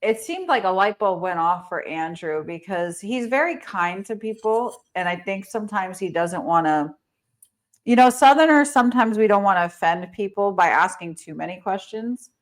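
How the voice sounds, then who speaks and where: A woman's voice: medium pitch, expressive, normal speed. A woman with a New Jersey accent hosting a casual interview as a team coach, talking up her group with enthusiasm.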